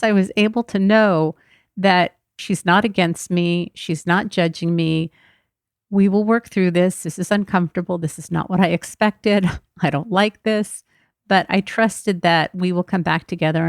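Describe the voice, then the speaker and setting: Woman, podcast host, personal monologue, gravelly, reflective. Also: fairly low pitch, moderate pace, no room sound, studio quality. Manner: candid, reflective storytelling.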